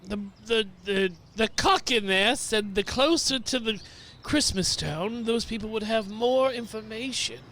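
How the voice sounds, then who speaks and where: A man speaks as a player in a tabletop game, joking and animated. His voice is high for a man and swings widely in pitch. It sounds bright and sharp. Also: a little slow, a little hiss or hum. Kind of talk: casual tabletop play.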